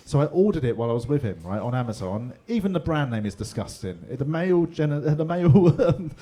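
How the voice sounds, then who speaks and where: A middle-aged London comedian with a slightly high, mellow, sing-song voice talks fairly quickly through a chatty, laddish stand-up set. Performing to a live audience in a pub comedy room, he swears freely and laughs along with his own story.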